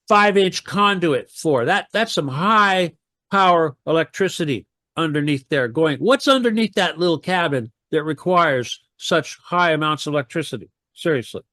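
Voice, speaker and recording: A man's voice: fairly high pitch, lively intonation, normal speed, a bit bright, no echo, studio quality. A man talking on a radio talk show, rambling and heated, firing off rhetorical questions.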